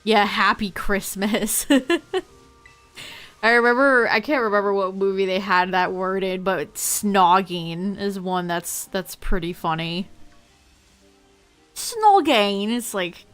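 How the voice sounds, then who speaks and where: Woman, young adult, game streamer, playful, giggly, slow pace, faint background music. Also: medium pitch, fairly even intonation, a bit bright, clear, resonant tone. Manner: playful, giggly, often laughs. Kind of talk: casual chat while streaming a game.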